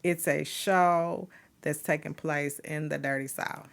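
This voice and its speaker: Woman, Southern accent, podcast co-host, gravelly, enthusiastic. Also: low voice, fairly even intonation. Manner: enthusiastic, quick to agree, laughing. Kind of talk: casual podcast chat.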